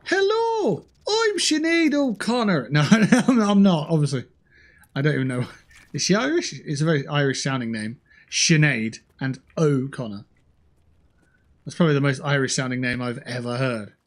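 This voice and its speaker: This streamer's voice sits at medium pitch and moves at a moderate pace. Playing a shooter on a livestream, he talks into his headset mic, cracking jokes and swearing at the other players.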